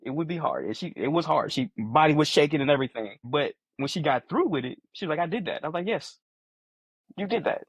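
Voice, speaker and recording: A man in his forties co-hosts a casual podcast chat, speaking a little fast in a slightly high, slightly rough voice with lively intonation. He's earnest, restating his points and repeating phrases as he explains. The recording is dry.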